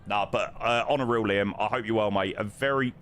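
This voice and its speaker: A man's voice: on the low side, a little fast, fairly bright tone. A British man chatting casually on a flight simulator stream, reading viewer messages aloud and calling out runway and altimeter figures. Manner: chatty, reads viewer messages aloud, calls out aviation numbers. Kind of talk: casual live-stream chat over flight sim.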